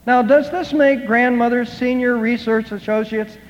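A man preaching a sermon as the pastor, praying earnestly and telling a story, often halting and restarting his words. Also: extremely high pitch, fairly even intonation. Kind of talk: sermon with prayer. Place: church sanctuary. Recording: dull sound in a reverberant hall.

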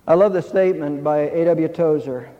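A man's voice: a little high, normal speed, mellow. A man preaching a sermon, telling a fable in an earnest, emphatic way. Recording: dull hall reverb.

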